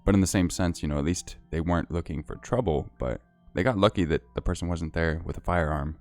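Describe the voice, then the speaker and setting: A man hosting a livestream, chatting casually and reading out viewer comments and thanks in a relaxed, chatty way. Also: sits low, fairly quick, faint music behind. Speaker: livestream host.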